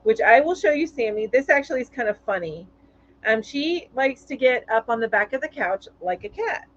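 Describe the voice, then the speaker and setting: Chatty woman host, higher voice. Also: animated, moderate pace, fairly bright tone, highs cut off. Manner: chatty, reads viewer comments aloud with frequent fillers. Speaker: live-stream host. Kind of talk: casual live-stream chat.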